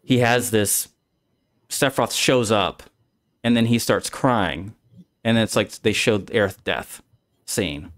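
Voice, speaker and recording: A man's voice: on the low side, takes it slowly, long pauses, fairly bright tone. A man streaming a casual discussion, rambling through his explanation with many restarts. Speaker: streamer, host.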